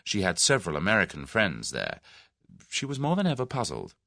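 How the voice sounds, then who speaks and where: A male audiobook narrator reads a classic novel with expressive storytelling. His voice sits low and carries a gravelly texture. The sound is close and dry. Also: fairly quick, dry recording. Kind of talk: scripted narration.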